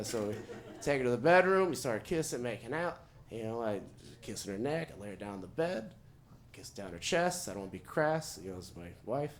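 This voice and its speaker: A man from Oklahoma performing a stand-up set, telling a story in a conversational way with deadpan asides. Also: mid-range voice, moderate pace. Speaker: stand-up comedian. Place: comedy show venue with audience.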